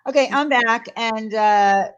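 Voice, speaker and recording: A woman's voice: on the high side, slow pace, smooth. Woman host ranting on a stream, insistent, kinda muffled lo-fi sound. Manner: defensive, emphatic, repeats herself. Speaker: channel host. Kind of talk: casual live chat.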